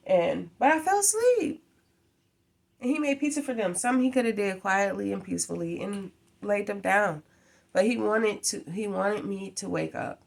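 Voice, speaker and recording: A woman's voice: fairly low pitch, creaky. A woman vents to the camera in a casual vlog. She rambles, sounds exasperated and keeps firing off rhetorical questions. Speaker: vlogger.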